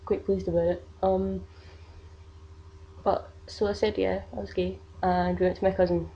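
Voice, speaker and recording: A woman's voice: fairly low pitch, level tone, normal speed, dull audio. A young woman, telling a personal story in a casual vlog, rambling with many fillers. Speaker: vlogger.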